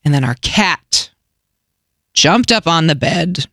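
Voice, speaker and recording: A woman radio host with a lowish voice that swoops up and down a lot as she tells a story. She talks in a casual, animated way with quick self-deprecating asides, and her voice sounds close and dry, as if recorded in a studio. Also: no echo.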